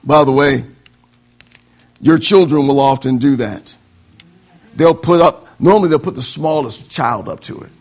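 High-pitched, gravelly-voiced male preacher. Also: a little slow, long pauses. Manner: animated preaching with quoted voices and laughter; swings between loud emphatic declarations and low quiet asides. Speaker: pastor. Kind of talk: sermon.

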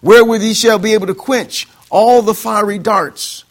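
Preaching in a high-sitting voice with a steady tone and normal speed, a male pastor quotes scripture and draws amens from his congregation. His call-and-response sermon includes mocking people's excuses in voices.

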